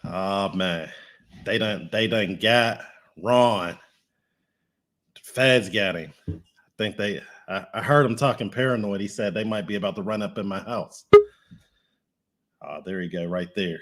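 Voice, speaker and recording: A man's voice: lowish voice, a little slow, long pauses, fairly bright tone. A man from the Pittsburgh area co-hosting a show, chatting casually and joking about himself over a video call. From Pittsburgh area, United States. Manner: joking, self-mocking, laid-back. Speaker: co-host.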